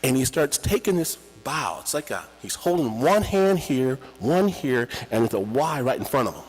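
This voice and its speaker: A man telling a personal story live, in an animated, theatrical and conversational way, with a slightly husky voice. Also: medium pitch, normal speed, hardly any pauses. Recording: echoey hall with long reverb.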